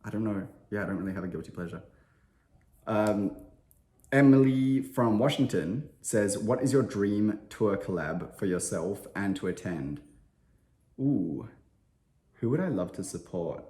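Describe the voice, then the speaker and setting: Low-voiced man, chatty and self-deprecating. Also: expressive, measured pace, mellow, echoey room. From Australia. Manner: chatty, self-deprecating, lots of filler words. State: slightly unwell. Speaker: interviewed musician. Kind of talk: casual interview chat.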